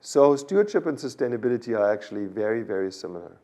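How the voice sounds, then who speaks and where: A man's voice: mid-range voice, expressive, quick pace, dark tone. A man with a German accent, a guest expert explaining a topic in a podcast interview, in a lecturing way that keeps checking in with "okay?". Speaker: animal science expert guest.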